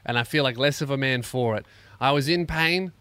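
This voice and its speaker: On his comedic solo podcast, a man talks through his neck pain in a crude, self-mocking way, animated and acting out quotes. His mid-range voice is smooth and brisk, with no room sound.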